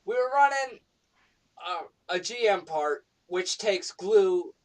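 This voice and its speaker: A man on a round table panel telling a story in casual chat, animated and swearing freely. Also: high voice, slow pace, recorded from a distance. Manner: animated, profane, excitable.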